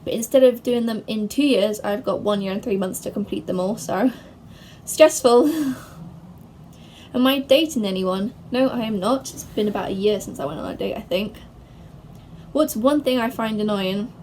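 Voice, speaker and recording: A young woman from England answering viewer questions in a chatty, bubbly way, speeding up when she gets excited. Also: medium pitch, moderate pace, a little hiss or hum. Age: young adult. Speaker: vlogger. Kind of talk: casual to-camera Q&A.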